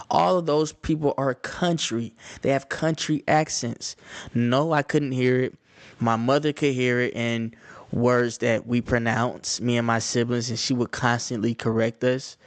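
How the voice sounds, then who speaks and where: Young man, Atlanta accent, easygoing vlog storyteller, middle pitch, dry close mic. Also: no room sound. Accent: Atlanta Southern US. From Atlanta, Georgia, US. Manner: conversational, repeats phrases, loose slang. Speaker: vlogger. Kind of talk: casual storytelling to camera.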